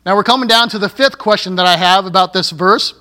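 A man's voice: sits high, fast, sharp tone. A male pastor preaching a sermon, with joking asides and laughing at his own slips.

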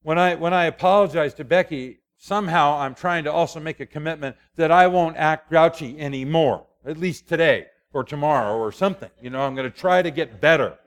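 A man's voice: fairly high pitch, a little fast, few pauses. An older man, a preacher, giving a conversational sermon in a folksy, storytelling way with asides.

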